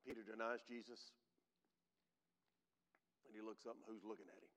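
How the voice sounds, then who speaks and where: A man preaching a sermon as pastor, swinging from loud emphatic preaching to quiet, emotional, near-tearful moments. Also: fairly low pitch, flat delivery, moderate pace. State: emotional, holding back tears. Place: large church sanctuary. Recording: long hall reverb.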